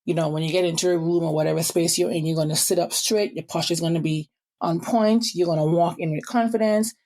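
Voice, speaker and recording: A young woman from the Caribbean with a Caribbean accent, hosting a motivational podcast and talking fast with quick asides. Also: on the low side, steady tone, a little mellow. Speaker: podcast host.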